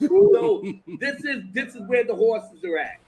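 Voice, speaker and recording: A man's voice: extremely high pitch, sing-song, measured pace, a little mellow, a little hiss or hum. A man hosting a livestream, talking casually and laughing often as he reacts. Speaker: livestream host.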